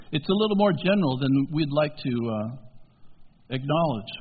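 High-voiced preacher in a tinny echoing hall. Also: male voice, expressive, slightly rough. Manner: swings from low, quiet asides to loud, emphatic high-pitched peaks; stretches key words slowly for emphasis. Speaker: pastor. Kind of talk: sermon. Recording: tinny phone-like sound in a reverberant hall.

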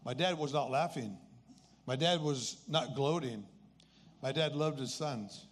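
A man's voice: medium pitch, measured pace. A man in his eighties telling a personal story as a faith testimony in an earnest, conversational way. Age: 80s. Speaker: speaker sharing a personal testimony.

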